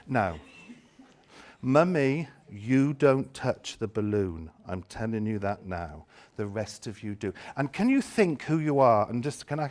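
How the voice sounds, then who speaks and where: A man leading a lively workshop demonstration, theatrical and teasing as he directs volunteers. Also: medium pitch, unhurried. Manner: theatrical, playful, teasing volunteers with exaggerated delight. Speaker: education trainer leading a seminar.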